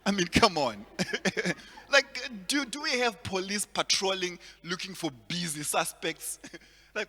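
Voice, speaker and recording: A man from Zimbabwe performing a stand-up comedy set, telling stories and acting out the people in them with big jumps in loudness. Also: high-pitched, slow. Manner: animated storytelling, acts out characters with big swings in loudness. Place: large hall at a virtual event. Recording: long hall reverb.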